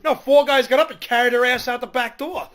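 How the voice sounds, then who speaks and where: High bright-voiced comedian telling stories. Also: male voice, a little fast. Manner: animated storytelling, acts out quotes. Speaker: comedian co-host. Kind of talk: casual comedy radio chat.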